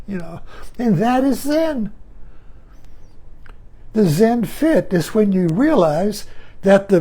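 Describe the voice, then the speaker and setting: Slow, mellow, breathy woman teacher. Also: mid-range voice. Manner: slow and musing, chuckles often, repeats phrases. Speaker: meditation teacher. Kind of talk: reflective spiritual talk.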